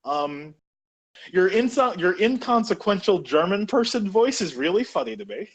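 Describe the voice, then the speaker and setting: A man's voice: high-pitched, sing-song, moderate pace, slightly rough, poor audio. A young man co-hosting a podcast, chatting casually and rambling as he searches for his words. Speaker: podcast co-host. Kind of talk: casual chat.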